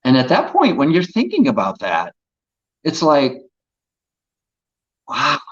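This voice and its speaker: A man's voice: a little high, huge pitch swings, normal speed, slightly rough, muffled recording. A man, an actor as an interview guest, telling earnest, reflective stories about his craft. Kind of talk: casual interview chat.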